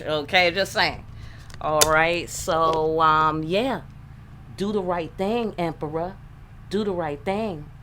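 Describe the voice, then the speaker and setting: Slight background noise sits behind a woman whose voice is on the low side and a bit bright. She gives a casual channeled tarot reading, offering blunt, profane, streetwise relationship advice loaded with rhetorical questions.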